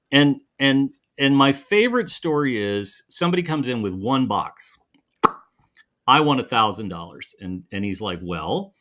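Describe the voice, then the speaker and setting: Animated man telling a shop story. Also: medium pitch. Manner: animated storyteller acting out quoted voices. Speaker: podcast co-host. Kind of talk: casual storytelling chat.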